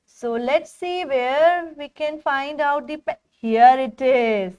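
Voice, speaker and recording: High-pitched, unhurried Indian English teacher. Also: female voice, darkish tone. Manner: cheerful, praising, spells words letter by letter. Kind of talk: phonics lesson for young children.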